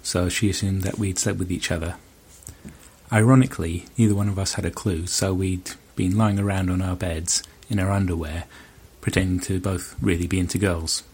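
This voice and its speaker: A man's voice: low-pitched, fairly even intonation, normal speed, darkish tone, slight background noise. A man dryly telling a short personal anecdote. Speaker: podcast guest. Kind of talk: told anecdote.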